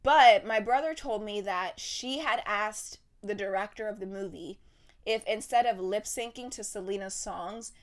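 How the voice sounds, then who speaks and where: A woman's voice: mid-range voice, unhurried. A young woman hosting a podcast, ranting in a heated, profane, casual monologue. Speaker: podcast host.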